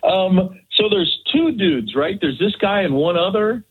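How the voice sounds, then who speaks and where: A man's voice: high-pitched, animated, unhurried, husky. A man co-hosting a radio show by phone, chatting in a laid-back, rambling way. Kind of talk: casual talk radio banter. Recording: tinny phone line.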